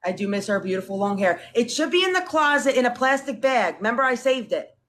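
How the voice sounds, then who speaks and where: A young woman in casual chat, telling family stories with lively acted-out quotes. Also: a little high, a little fast, a little hiss or hum. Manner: animated, acts out family quotes. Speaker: guest.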